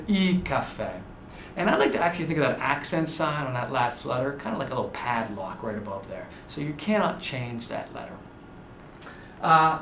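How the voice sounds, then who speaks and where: Guy walking through italian plurals off slides, lots of uhs, roomy echo, kinda muffled. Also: a little high. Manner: patient, explains slowly with many fillers and restarts; stretches out example words for emphasis. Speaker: Italian teacher. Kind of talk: slide-based grammar lesson. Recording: echoey room, dull audio, faint hiss.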